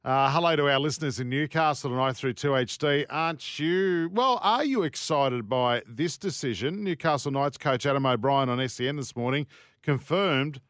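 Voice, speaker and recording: Teasing Australian radio host, dry studio. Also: male voice, medium pitch, moderate pace, a bit bright, dry recording. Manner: teasing, reads listener texts. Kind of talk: casual chat.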